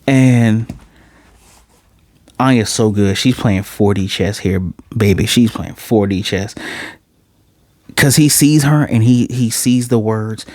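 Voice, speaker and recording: A man recapping an anime episode in a loose, excited way, jumping into quick voices for the characters and throwing in slang. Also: on the low side, no room sound. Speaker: anime reviewer.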